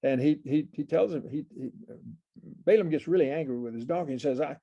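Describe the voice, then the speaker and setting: Gravelly older man teaching a Bible class. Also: on the high side, fairly quick, dark tone. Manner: rambling, many fillers and restarts, chuckles often. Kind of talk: informal Bible class lecture.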